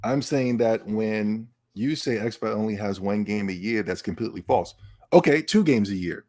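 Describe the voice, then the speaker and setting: A man hosting a casual livestream podcast, excitable and stammering, talking to his live chat. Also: fairly low pitch, moderate pace. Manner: animated, excitable, repeats and stammers. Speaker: podcast host.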